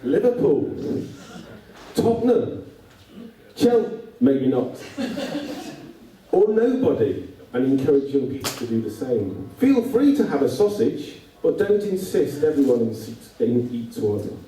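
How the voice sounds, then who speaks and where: A man giving a humorous talk to an audience, with a dry, wry, deadpan delivery. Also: mid-range voice, moderate pace. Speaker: speaker addressing youth workers. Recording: echoey hall, voice from far off.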